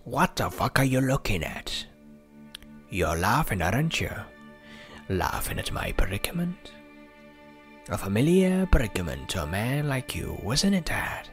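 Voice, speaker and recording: A man's voice: mid-range voice, sing-song, measured pace, pauses often, faint music behind. A man performing an impression of a furious son ranting at his absent father, using a put-on Welsh accent that wanders into other accents and swearing bitterly. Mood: bitter fury. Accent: put-on Welsh accent that drifts to other accents. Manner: snarling, swearing, bitter taunting. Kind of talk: monologue impression of a film role.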